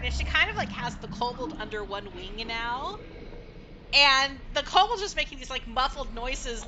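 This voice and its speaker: A woman's voice: a little high, noisy background. A woman narrating as game master of a tabletop game, chatty and hesitant with many fillers. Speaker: dungeon master.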